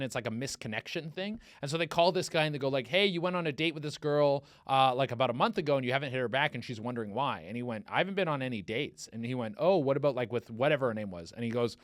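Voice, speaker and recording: A man's voice: medium pitch, a bit bright, no echo, clean studio sound. A man hosting a casual comedic podcast, telling rambling dating stories full of swearing and fillers, and acting out the people he quotes. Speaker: podcast host.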